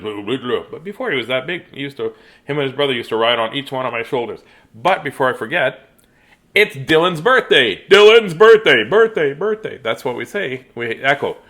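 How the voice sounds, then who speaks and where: A middle-aged man with a medium-pitched, pushed and bright voice chats playfully with young viewers at home, greeting them by name. He rambles a bit during this casual live stream before reading a storybook aloud.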